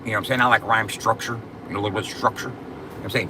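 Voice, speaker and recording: A man's voice: lowish voice, racing, background noise. A man hosting a casual livestream, joking and bragging to his chat in a loose, profane drawl, often repeating "you know what I'm saying". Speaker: livestream host.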